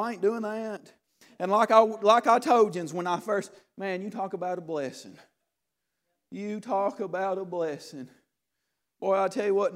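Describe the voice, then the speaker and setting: A man preaching a sermon to his church, emphatic and often shouting, with folksy repeated asides. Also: sits high.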